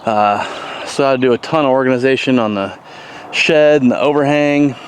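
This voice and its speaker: A man's voice: mid-range voice, moderate pace, slight background noise. A man giving a casual, rambling tour of his homestead garden and animals, with plenty of fillers. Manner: relaxed, rambling, many fillers. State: has the hiccups. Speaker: homesteader vlogger. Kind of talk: casual walking tour commentary. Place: outdoors on a homestead.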